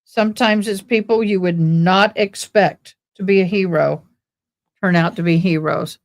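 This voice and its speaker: Slow-talking chatty Texan woman. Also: on the low side, steady tone. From born in Tennessee, raised in Texas. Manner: chatty, rambling, thanks viewers warmly. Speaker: livestream host. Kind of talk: casual livestream chat.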